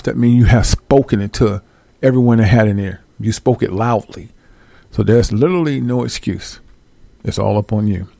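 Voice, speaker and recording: A man's voice: medium pitch, vocal fry, mellow, dry recording. A man preaching in a casual street style, giving blunt, slangy warnings to his followers. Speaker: religious teacher addressing followers.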